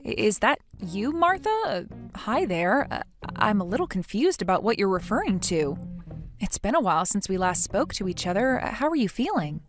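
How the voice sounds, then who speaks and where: A woman's voice: mid-range voice, very animated, normal speed, faint music behind, lightly acted. A synthetic female voice playing a pregnant young wife who answers in a hesitant, puzzled way. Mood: confused.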